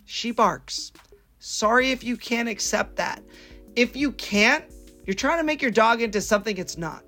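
A man's voice: very high-pitched, expressive, moderate pace, pushed and bright, soft background music. A man co-hosting a casual podcast, ranting emphatically about his pet peeves. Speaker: podcast co-host.

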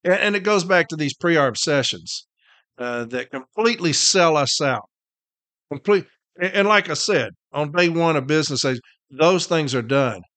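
He has a fairly high pitch and a sharp tone, recorded with no room sound. A union representative who hosts a podcast, he rants casually and profanely, blunt and heated, sounding fed up and weary as he keeps repeating his points for emphasis.

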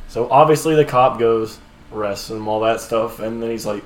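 A man chatting on a podcast, laughing through his stories and tossing in quick quips. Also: medium pitch. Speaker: podcast co-host. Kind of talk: casual chat. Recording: echoey room with faint hiss.

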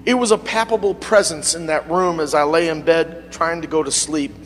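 A man preaching a sermon as pastor in a church, speaking with fervent call-and-response, sometimes quiet and sometimes swelling into passionate peaks. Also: a little high, fairly even intonation, moderate pace, in a large hall. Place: church sanctuary.

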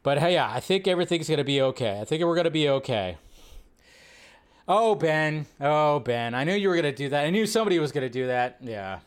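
A man's voice: a little high, lively intonation, fairly quick, smooth. A man hosting a live movie news stream, joking, reacting to chat and riffing casually.

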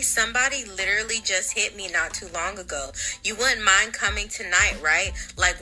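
A woman telling a casual storytime in an animated, incredulous way. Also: medium pitch, low-quality recording.

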